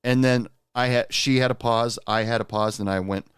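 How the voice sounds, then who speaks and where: A man hosting a podcast, telling a personal story in a casual, rambling way with lots of pauses. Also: medium pitch, smooth, no room sound, studio quality. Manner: rambling, many "uh" pauses, animated when quoting. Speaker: podcast host and bartender.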